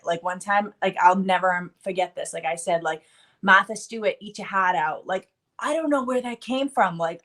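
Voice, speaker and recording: A woman's voice: fairly low pitch, a bit bright. A woman hosting a casual craft live stream, chatty and full of fillers, with allergies bothering her. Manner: chatty, filler-heavy, laughs often. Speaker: craft channel host.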